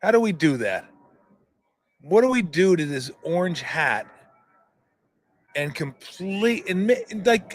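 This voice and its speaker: A man's voice: sits high, lively intonation, takes it slowly, long pauses. A man hosting his own show, ranting in casual talk, sarcastic and swearing freely as he mocks what he reads aloud. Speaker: show host. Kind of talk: casual profane rant.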